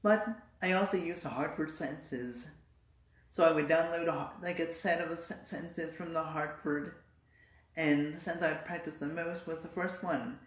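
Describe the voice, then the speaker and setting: A woman's voice: low voice, moderate pace. A woman in a casual vlog, explaining and demonstrating voice techniques. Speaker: vlogger. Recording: roomy echo.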